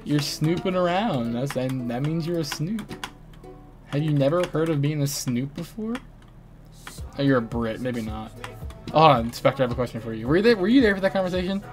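A man's voice: on the high side, expressive, normal speed. A young American man streaming a game, teasing his chat and friends in casual banter. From United States. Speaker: gaming streamer. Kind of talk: casual live-stream chatter while playing. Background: faint music and keyboard typing.

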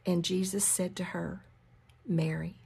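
Bible study teacher, a woman with a low, husky voice who whispers key lines. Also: steady tone. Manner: drops to a hushed whisper for emphasis; repeats key phrases slowly. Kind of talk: scripture reading and teaching.

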